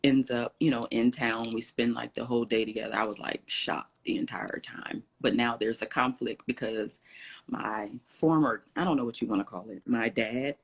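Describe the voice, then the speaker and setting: A woman guest in an interview telling a personal story in an animated way, acting out what others said and often clearing her throat. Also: very deep voice, moderate pace. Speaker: interview guest, salon owner.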